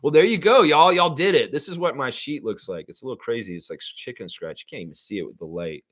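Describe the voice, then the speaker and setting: A man's voice: mid-range voice, animated, fast, fairly bright tone, dry recording, clean studio sound. A man hosting a live-streamed fan trivia show, chatting casually with viewers, calling them y'all and using frequent fillers. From Canada. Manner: chatty, addresses chat as y'all, many fillers.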